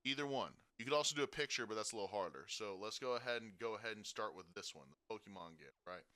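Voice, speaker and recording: A man giving a casual software tutorial, talking through each step and checking in with frequent "okay?" and "right?". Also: fairly low pitch, expressive, fast. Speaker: streaming tutorial host.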